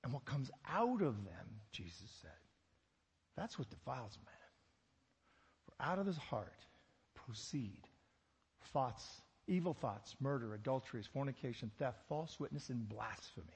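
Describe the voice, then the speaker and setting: Animated preacher in an echoing hall. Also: male voice, mid-range voice, unhurried, breathy edge. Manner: animated, rhetorical questions, joking asides. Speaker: pastor. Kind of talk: sermon.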